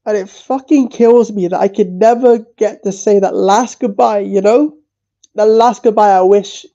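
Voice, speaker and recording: On an emotional livestream, a tearful man speaks slowly and haltingly, stumbling, repeating words, and swearing now and then. His voice is high, very dark, creaky, and steady in tone. The audio is dull and lo-fi.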